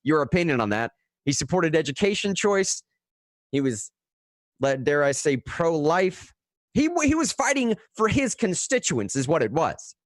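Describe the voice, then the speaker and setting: A young man hosting a radio news show, giving live, casual commentary that turns animated and full of restarts. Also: on the high side, normal speed, no echo, studio quality. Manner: casual and animated, frequent "dude" and "man", restarts when worked up. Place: radio studio.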